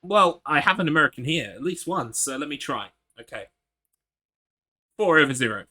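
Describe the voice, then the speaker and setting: A man's voice: on the high side, lively intonation, moderate pace, sharp tone, a little hiss or hum. A man, giving casual commentary while streaming a game and chatting with viewers in a wry, sweary way.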